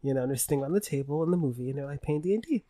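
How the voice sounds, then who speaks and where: A tipsy young man co-hosting a podcast, excitable and swearing a lot, laughing often. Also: on the high side, racing, no echo. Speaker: podcast co-host. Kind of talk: casual chat.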